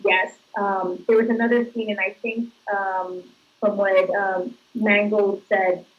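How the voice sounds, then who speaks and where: Chatty actress, dull lo-fi sound. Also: female voice, medium pitch. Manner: chatty, laughing storyteller. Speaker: actress guest. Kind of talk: casual interview answers.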